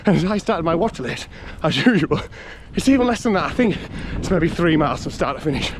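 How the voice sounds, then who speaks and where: A man from North East England, with the region's accent, vlogs a trail run across an outdoor hill and woodland trail, out of breath but chatty and cheery. He laughs often and greets other runners as he talks. His voice sits on the high side with big pitch swings and a brisk pace, against a noisy background.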